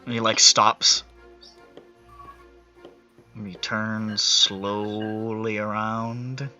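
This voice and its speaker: Man game master, very bright voice, casual narration, dull lo-fi audio. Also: lowish voice, level tone, drawn-out words, soft background music. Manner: loose, casual narration with fillers.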